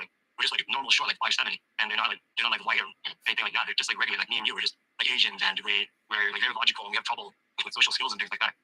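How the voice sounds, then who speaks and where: Fast-rambling young man, husky voice. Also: lowish voice, low-quality recording. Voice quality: husky, monotone. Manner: fast, filler-heavy rambling with many restarts. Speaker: coaching client giving a testimonial.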